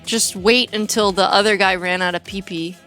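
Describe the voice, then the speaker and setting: A woman's voice: mid-range voice, fairly even intonation, moderate pace, sharp tone, soft background music. A young woman streaming a game, chatting casually in a rambling, giggly way with lots of filler words. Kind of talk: casual chat while gaming.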